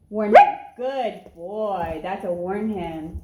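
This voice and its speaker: A woman's voice: mid-range voice, lively intonation, takes it slowly. A woman training her dog, giving short commands and singsong praise. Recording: echoey room, faint noise, dog barking.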